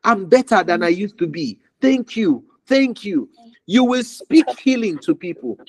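High, lively-voiced fervent male minister. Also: a little slow, no room sound, rough recording. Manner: fervent, repetitive declarations, sometimes dropping to a whisper. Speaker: prophetic minister. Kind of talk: prophetic ministry over a call.

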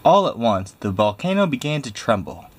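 A man reading a picture book aloud in a lively, expressive way. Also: mid-range voice, moderate pace, noisy background. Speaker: storybook reader.

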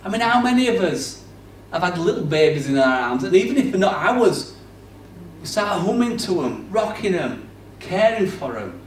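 A man's voice: sits high, big pitch swings, normal speed, distant mic, a little hiss or hum. Man preaching in an echoey church. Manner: conversational, swings from loud to hushed. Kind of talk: sermon. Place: church hall. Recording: roomy, off-mic church recording.

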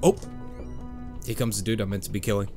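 A man's voice: fairly low pitch, steady tone, fairly quick, music in the background. A man commentating his playthrough of a game, joking, swearing and doing silly voices. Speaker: gaming channel host. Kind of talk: let's play commentary.

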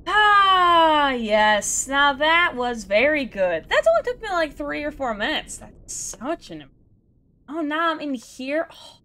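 This let's play gamer has a high, sing-song voice that comes out slow, pushed and bright. Talking to herself while she plays, she mocks herself casually, laughing, groaning, sighing in exasperation and bursting out at the game.

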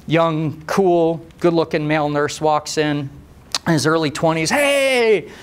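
Animated man telling a story to an audience. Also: fairly high pitch, measured pace, clean tone. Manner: animated and conversational, with rhetorical questions and asides. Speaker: trainer who teaches mechanics, giving a talk. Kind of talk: storytelling presentation to a live audience.

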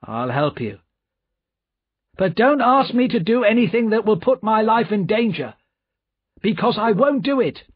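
A man's voice: high-pitched, sing-song, unhurried, long pauses, husky, lo-fi sound, voice pushed up, full character voice. A man voicing a nervous, cornered male spy who pleads for his life in a storybook reading. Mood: pleading. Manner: pleading, raised and strained.

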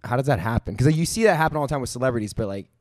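A male podcast host from Washington State rattles off quick questions in a relaxed chat. His speech runs fast, and the sound is close and dry. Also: medium pitch, dry recording. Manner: rapid-fire questioning. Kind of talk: casual interview chat.

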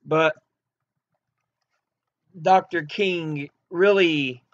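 An older man hosting a podcast, reading an interview aloud in a measured way, with occasional restarts. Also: a little high, lo-fi sound.

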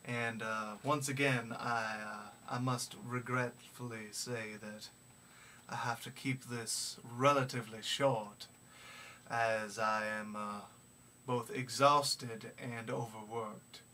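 Slow man in a put-on Southern drawl. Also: mid-range voice, steady tone, bright, forceful tone. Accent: put-on gentlemanly American Southern. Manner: slow, formal and hesitant, many filler pauses. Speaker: vlogger. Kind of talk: casual video diary. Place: small music practice room indoors. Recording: distant mic with faint background noise.

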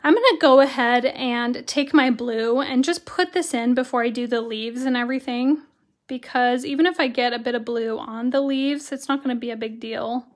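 A woman with a hoarse voice teaching watercolor on a live stream, chatty and greeting viewers by name as she works. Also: fairly high pitch, normal speed. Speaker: watercolor instructor. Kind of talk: live-stream craft tutorial.

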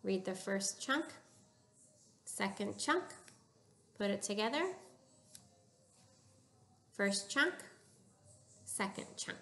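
A woman teaching a recorded phonics lesson to young children, giving slow, clear prompts with pauses for them to answer. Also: medium pitch, expressive, pushed and bright. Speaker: reading teacher.

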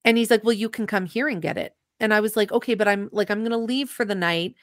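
A woman's voice: mid-range voice, quick pace, no room sound, clean studio sound. A young adult woman, a podcast guest, earnestly and emotionally retelling a personal story with quoted dialogue.

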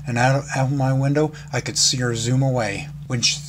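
A man's voice: mid-range voice, steady tone, brisk. A man reads a fan fiction story aloud in a casual way, with small slips and restarts. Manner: casual reading with slips and laughs. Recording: background noise.

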